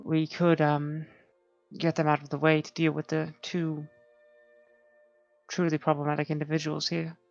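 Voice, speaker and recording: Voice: mid-range voice, monotone, normal speed, gravelly, pauses often, no echo. A tabletop player chatting casually, thinking aloud with hesitations. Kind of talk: casual game chat. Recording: dull lo-fi with faint music.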